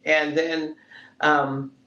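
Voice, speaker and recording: Animated man retelling a TV episode. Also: on the high side, drawn-out words, highs cut off. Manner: animated, retells scenes and acts out the characters' lines. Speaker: podcast co-host reviewing a TV episode. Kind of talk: casual review chat. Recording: roomy echo.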